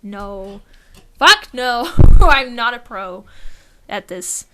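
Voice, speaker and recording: A woman's voice: a little high, expressive, very slow, bright, forceful tone. A woman co-hosting a casual gaming podcast, chatty, laughing often and swearing freely. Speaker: podcast co-host. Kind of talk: casual chat.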